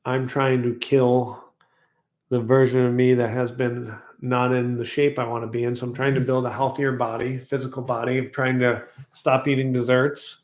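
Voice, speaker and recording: A man telling a personal story in a casual vlog, reflective and rambling, slowly repeating affirmations. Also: mid-range voice, level tone, reverberant. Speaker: vlogger.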